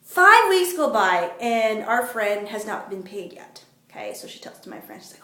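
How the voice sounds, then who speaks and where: A woman's voice: a little high, very animated, moderate pace, a bit bright, roomy sound. A woman vlogger from Canada, telling a story to camera in a chatty, rambling way with many fillers. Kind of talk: casual motivational talk to camera.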